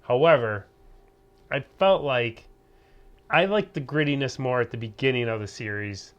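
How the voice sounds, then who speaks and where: A man's voice: medium pitch, normal speed. A man hosting a podcast, talking through his views on a TV series. He is opinionated but hedges often and restarts his sentences as he goes. He speaks into a studio podcast mic. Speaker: podcast host. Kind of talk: casual podcast review chat.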